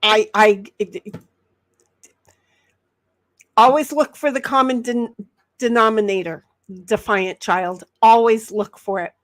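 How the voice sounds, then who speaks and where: A woman's voice: a little high, slow pace, pauses often. Rambling woman streamer reading chat. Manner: rambling, reads chat messages aloud, frequent restarts. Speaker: livestream host reading chat. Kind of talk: casual chat.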